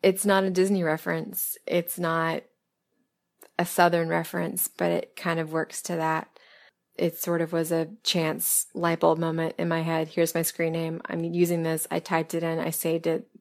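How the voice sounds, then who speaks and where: Woman from the American South, lowish voice, a little hoarse, candid and chatty, casual Q&A monologue. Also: completely flat delivery, moderate pace. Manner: chatty and candid, laughing softly, self-deprecating. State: losing her voice. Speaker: audio script writer and performer answering listener questions. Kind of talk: casual interview-style Q&A monologue.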